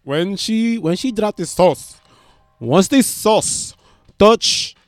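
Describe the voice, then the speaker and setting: A man's voice: high-pitched, animated, slow pace, no room sound, studio quality, voice pushed up, exaggerated voice. A man putting on a swaggering accented guy. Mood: excited. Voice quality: Dominican-style accent put on, slangy. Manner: swaggering, rambling, calls listener papi and baby. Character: boastful grown man with a put-on Dominican accent. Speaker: stand-up comedian.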